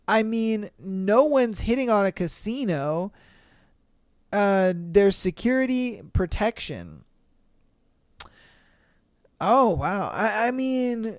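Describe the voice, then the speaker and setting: A man's voice: high-pitched, clean tone, dry recording, studio quality. A young man hosting a podcast, reading listener stories aloud and ranting about them in casual, exasperated, profane commentary. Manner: animated, swears freely, exasperated rants. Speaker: podcast host.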